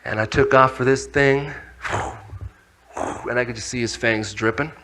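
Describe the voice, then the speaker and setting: A young man giving a motivational talk to a youth audience, telling a story with acted-out voices and shouts. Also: medium pitch, fairly even intonation, moderate pace, background noise. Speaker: youth speaker.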